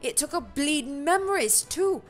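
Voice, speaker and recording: A woman voicing a gruff male seafaring innkeeper in a shaky put-on brogue, reading game dialogue aloud. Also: sits high, lively intonation, moderate pace, faint music behind, pitched above the performer's own voice. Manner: wobbly put-on pirate-style brogue.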